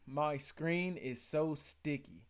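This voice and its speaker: Joking man streamer, higher voice. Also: takes it slowly, a crowd in the background. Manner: loud, joking, mocking slang banter. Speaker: livestream reaction host. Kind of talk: casual livestream chat with viewers.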